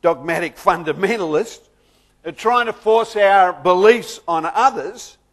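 A man pastor who prays softly, then preaches a sermon with lively humor and jokes. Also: high voice, a little slow.

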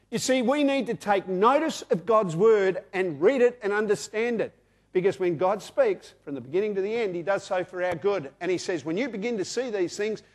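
An Australian man in his sixties preaching a sermon, repeating key phrases for emphasis and reading scripture aloud. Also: sits high. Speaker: pastor.

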